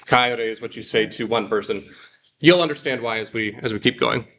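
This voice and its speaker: A man teaching a Greek class, explaining patiently and slowing down to repeat words for students. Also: medium pitch, a bit bright, a little hiss or hum. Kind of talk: classroom lesson.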